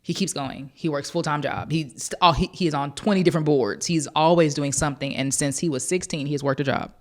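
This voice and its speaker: A woman's voice: low voice, brisk. A woman from Georgia, a podcast guest, telling an emotional personal story with heartfelt intensity. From Georgia, USA. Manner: heartfelt, quotes others in a softer voice.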